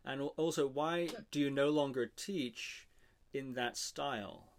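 A man's voice: medium pitch, unhurried. A man interviewing, asking direct follow-up questions.

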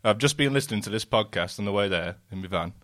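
A man's voice: on the low side, animated, fast talker, fairly bright tone, no room sound, studio quality. A man, chatting wryly as a podcast co-host. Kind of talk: casual chat.

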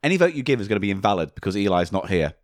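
A man's voice: on the low side, big pitch swings, very fast, no room sound, studio quality. A man hosting a podcast, chatting casually, exasperated, swearing and laughing often. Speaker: podcast host.

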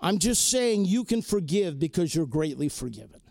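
A man's voice: on the high side, very animated, normal speed, vocal fry, a little mellow. A man preaching a sermon to students and faculty, earnest and exhorting, repeating key phrases and ending in prayer. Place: crowded hall or chapel.

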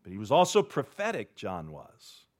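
A man preaching a sermon, swinging between loud declarations and hushed asides. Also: on the low side, wildly swooping pitch, moderate pace. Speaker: pastor.

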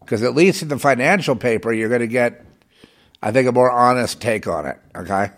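A man delivering a heated, rambling monologue as a self-styled prophetic broadcaster, swinging between loud outbursts and muttered asides. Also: mid-range voice, fairly quick. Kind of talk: agitated monologue.

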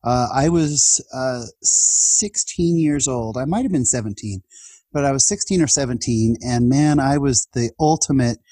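Man in his 40s, husky voice, dry close sound, earnest storytelling, casual podcast guest. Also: mid-range voice, a little slow, dark tone, no room sound. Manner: earnest, emotional, laughs between lines.

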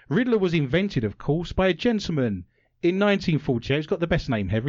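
A man's voice: on the high side, very animated, brisk, darkish tone, dry recording. Playful man hosting a radio quiz. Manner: playful, punning, theatrical delivery. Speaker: radio show host. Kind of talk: jokey quiz show banter. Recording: dry, slightly dull lo-fi sound.

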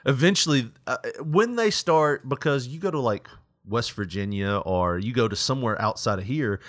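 A man's voice: medium pitch, animated, normal speed, a bit bright, no room sound, clean studio sound. A young man telling a work story in casual chat, laughing often and acting out quotes. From Tennessee.

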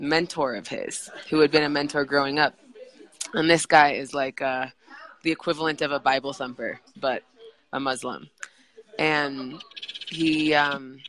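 A woman's voice: deep voice, sharp tone, poor audio. A woman who is a podcast guest, telling a personal story casually in a rambling way, with many fillers and restarts.

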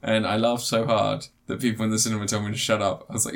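A man's voice: lowish voice, level tone, fast talker, vocal fry. A man hosting a podcast, tired and yawning, rambling through a film review with lots of fillers, restarts and swearing. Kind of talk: casual chat.

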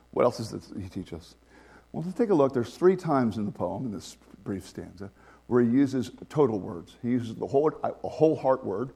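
A man preaching a conversational sermon as pastor, animated and laughing often. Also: medium pitch.

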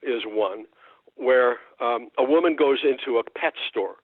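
A man, a folklorist, talking thoughtfully in a radio interview, often pausing and restarting. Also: medium pitch, no echo. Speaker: folklorist guest. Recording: dry tinny phone line.

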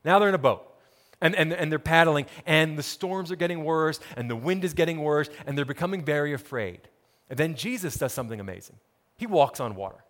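A man preaching a sermon as pastor, emphatic and animated, repeating key phrases for effect. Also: fairly high pitch, a little fast, big-room sound.

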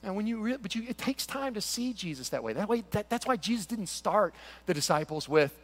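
A male pastor preaching a sermon in an animated, conversational way, often acting out stories. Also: high voice, fairly quick. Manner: animated, conversational, storytelling with quoted voices.

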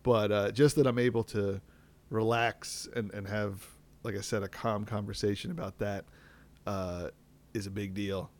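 A man's voice: lowish voice, fairly even intonation, normal speed. Candid man in his thirties rambling. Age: 30s. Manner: rambling, self-deprecating, with frequent fillers and restarts. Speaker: podcast host. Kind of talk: candid solo podcast talk.

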